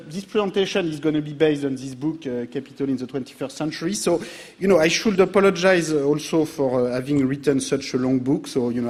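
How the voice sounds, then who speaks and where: A man's voice: fairly high pitch, a little mellow. A middle-aged man with a French accent, a native French speaker, giving a public lecture, hesitant with many fillers and restarts. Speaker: guest lecturer. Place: large lecture theatre.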